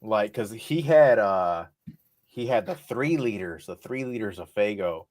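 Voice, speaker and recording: A man's voice: lowish voice, animated, measured pace. Profane laid-back man telling party stories. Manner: profane, laughing, acts out quotes loudly. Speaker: podcast co-host. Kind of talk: casual podcast storytelling. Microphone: podcast mic.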